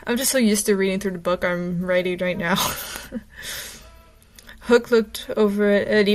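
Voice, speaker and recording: Chatty woman reading her old stories. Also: mid-range voice. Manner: chatty, self-mocking, frequent fillers. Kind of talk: reading aloud with casual commentary.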